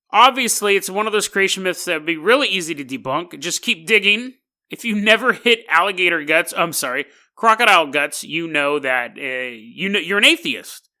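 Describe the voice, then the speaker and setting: A man's voice: high voice, bright, forceful tone. A man hosting a podcast, telling a story in a rambling, jokey way and laughing often. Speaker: podcast host.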